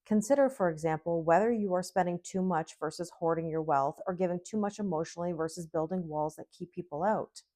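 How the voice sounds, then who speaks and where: On the low side and mellow, this middle-aged woman's voice moves briskly with hardly any pauses. She's giving a casual tarot reading, chatty and reassuring, regularly checking in with "okay?" and "right?"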